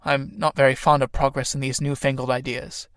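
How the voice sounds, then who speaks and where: A man reading the part of an old, gentle male workman in an audiobook of a play, in a quiet, plain-spoken way. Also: mid-range voice, level tone, a little fast, clean tone, no room sound, clean studio sound, close to an everyday voice. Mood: calm.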